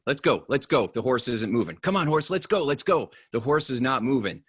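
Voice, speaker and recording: A man voicing a stressed meeting planner clinging to a runaway horse, shouting commands. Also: medium pitch, big pitch swings, fairly quick, breathy edge, no echo, studio quality. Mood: impatient.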